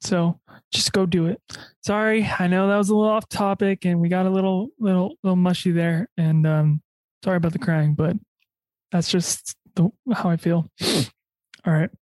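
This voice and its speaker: A young woman chats casually as a podcast host, her voice sitting a little low. She rambles, restarting sentences and leaning on fillers. Her voice sounds close and dry, with no room around it. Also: steady tone, moderate pace, darkish tone, no echo.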